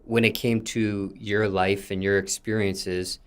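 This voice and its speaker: A man interviewing a guest, asking long, winding questions in a measured way. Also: fairly low pitch, little pitch movement, clean tone.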